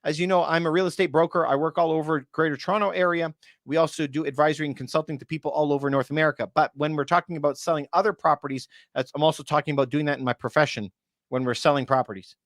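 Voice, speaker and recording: A man's voice: a little high, steady tone, fairly bright tone, no echo, studio quality. A man, a real estate broker, chatting casually on a livestream and answering viewers by name, his voice going from too much talk. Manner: chatty, addresses viewers by name, quick asides. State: losing his voice.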